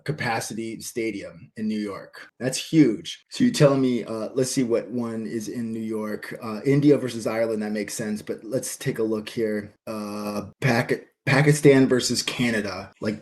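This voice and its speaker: A man's voice: mid-range voice, a little mellow. A man from the United States hosting a casual commentary vlog, talking in a frustrated, conversational way and reading out emails and posts. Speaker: cricket commentator and host.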